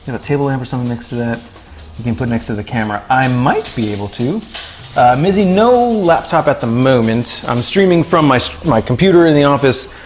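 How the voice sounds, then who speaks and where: A man's voice: medium pitch, fairly quick, faint music behind. A man casually chatting while cooking in his home kitchen on a live stream, joking and calling out viewers by name. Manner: excitable, jokey, thanks viewers by name. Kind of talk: casual livestream chat.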